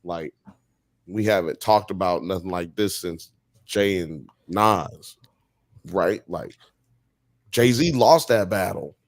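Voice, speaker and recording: A man co-hosting a casual live podcast, talking in animated, slangy style and firing off rhetorical questions. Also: deep voice, takes it slowly, pauses often, dry recording, studio quality. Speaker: podcast co-host. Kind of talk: casual chat on a live stream.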